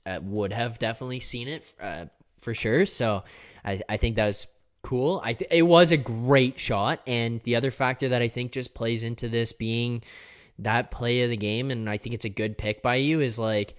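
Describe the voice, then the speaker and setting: A man's voice: medium pitch, normal speed. A man hosting a casual post-game livestream, chatting loosely, reading viewer comments and laughing often. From Canada. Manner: laid-back, chatty, laughs often, reads chat comments aloud. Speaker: host.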